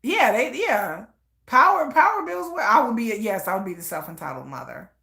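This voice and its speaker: Lively, bright-voiced woman streamer. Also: on the high side, normal speed, creaky. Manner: animated, playfully acts out imagined scenes. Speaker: live reaction streamer. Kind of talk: comedic live-stream monologue. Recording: echoey room.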